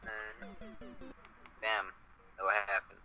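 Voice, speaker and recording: A man's voice: lowish voice, completely flat delivery, drawn-out words, pushed and bright, faint music behind, rough recording. A man in casual gaming chat, teasing a friend and joking about the game. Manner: teasing, joking commentary with laughter.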